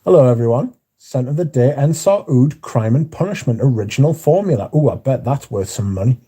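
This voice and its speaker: A man's voice: mid-range voice, lively intonation, brisk, dark tone, breathy edge. A man hosting a livestream, chatting casually and reading out viewer comments in a rambling, plain-spoken way. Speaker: livestream host.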